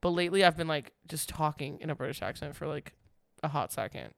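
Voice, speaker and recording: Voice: mid-range voice, lively intonation, fairly quick, gravelly, no echo. A podcast co-host in casual chat, teasing and laughing a lot.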